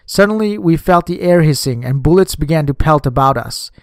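A man narrating a memoir in a measured, steady audiobook reading on a close microphone. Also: fairly high pitch, no room sound.

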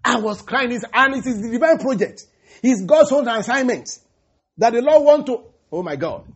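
A man preaching a sermon, halting and repeating words, breaking in with hallelujahs and praise the Lords. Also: very high-pitched, expressive, slightly rough. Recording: dull lo-fi recording.

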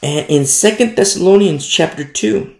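A man preaches as a pastor, emphatic and repetitive, hammering key words and frequently asking listeners "you see?" His voice sits high and is gravelly, at normal speed, with a roomy echo in the recording.

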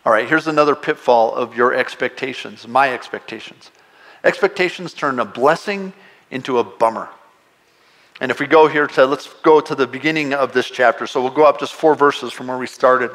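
A man's voice: mid-range voice, normal speed, fairly bright tone. A man preaching a sermon as a pastor, talking to his congregation in a conversational way with playful asides, his voice rising emphatically on exclamations.

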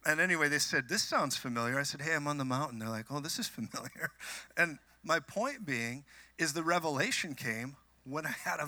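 A man from Minnesota preaching a sermon, telling animated personal stories with joking asides to the congregation. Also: fairly high pitch, no echo. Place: church.

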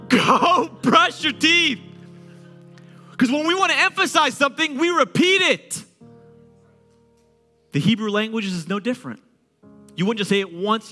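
A man preaching a sermon to a congregation in a lively, conversational way, using humor and repetition. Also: sits high, big-room sound. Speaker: pastor.

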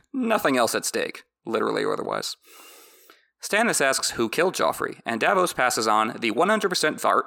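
A man's voice: mid-range voice, creaky, pushed and bright. A man hosting a book podcast, recapping chapters with sarcastic, wry asides. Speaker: podcast host.

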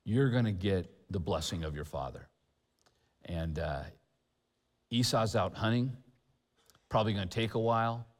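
A man's voice: on the low side, normal speed, long pauses, natural voice. A man voicing a scheming mother laying out a plan to her grown son, in a plain conversational way, with long hall reverb. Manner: conversational, plotting aloud.

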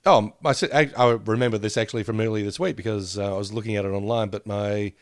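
A man's voice: fairly low pitch, steady tone, quick pace, no room sound, studio quality. A man co-hosting a podcast, meandering through memories with frequent laughs. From Australia. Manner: meandering, reminiscing, laughs often. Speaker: podcast co-host. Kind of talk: casual chat.

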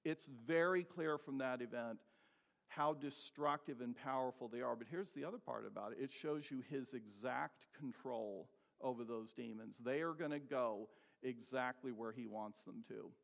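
A man preaching an expository sermon, asking rhetorical questions and slowing down to stress key words. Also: mid-range voice, vocal fry.

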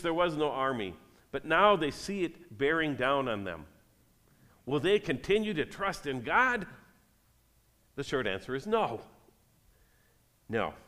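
A man's voice: a little high, a bit bright, in a large hall. A man, a pastor, giving a sermon. He reads scripture aloud and then speaks directly to the congregation.

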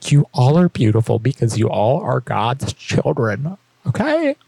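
A man's voice: mid-range voice, lively intonation, unhurried, creaky, dark tone, husky, dry recording. A man co-hosting a stream, making crude, mocking jokes. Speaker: streamer co-host.

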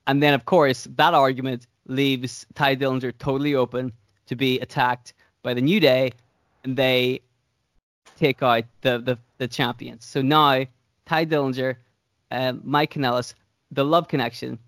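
A man's voice: mid-range voice, level tone, a little slow, a bit bright, no echo. A young man chatting casually as a podcast co-host, telling a long story in a rambling way with casual swearing. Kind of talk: casual chat recapping wrestling storylines.

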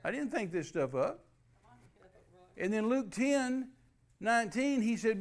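High-voiced emphatic male preacher. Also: very animated, unhurried, long pauses. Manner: emphatic, spells out words letter by letter. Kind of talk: sermon.

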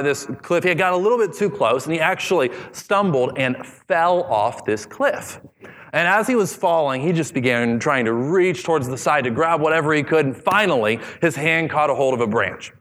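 A man's voice: medium pitch, fairly bright tone. Joking, conversational male pastor. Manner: humorous, conversational preaching. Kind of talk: sermon. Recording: long hall reverb.

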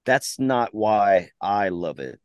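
A man's voice: lowish voice, sing-song, slow pace, a little mellow, clean tone, no room sound, lo-fi sound. A man co-hosting a podcast, joking around and going off on rambling tangents, with swearing. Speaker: podcast co-host. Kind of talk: casual podcast chat.

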